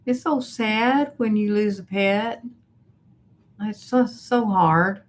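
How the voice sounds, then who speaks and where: A woman hosting a casual live stream as a coach, reading viewer comments aloud in a chatty, unhurried way with soft laughs. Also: mid-range voice.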